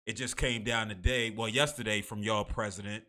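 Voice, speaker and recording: A man's voice: lowish voice, fairly even intonation, moderate pace, bright, forceful tone. A man from the United States, hosting a live online talk show in a casual, conversational way with frequent laughs and restarts. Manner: conversational, laughs between remarks, many restarts.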